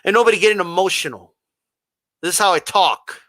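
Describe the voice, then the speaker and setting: Combative bright-voiced male boxing streamer. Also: high-pitched, a little fast, no echo. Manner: combative, confrontational, rhetorical questions; mocks a flat monotone voice. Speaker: boxing channel host reading live chat. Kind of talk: livestream talk.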